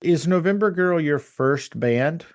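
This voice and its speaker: A woman hosting a podcast, asking questions in a lively, curious way and laughing easily. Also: low voice, a little slow, dry recording. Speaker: podcast host. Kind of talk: casual interview chat.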